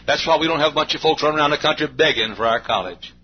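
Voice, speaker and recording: A man with a slightly high voice preaches a sermon at rapid-fire speed, telling folksy stories and acting out little scenes. The recording is dull and lo-fi with a faint hum.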